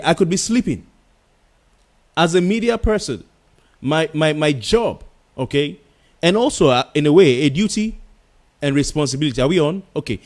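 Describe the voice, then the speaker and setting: A man's voice: on the high side, a little mellow. A man hosting a radio talk show, insistently arguing with a caller and repeating himself to hold the floor. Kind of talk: heated on-air argument with a caller.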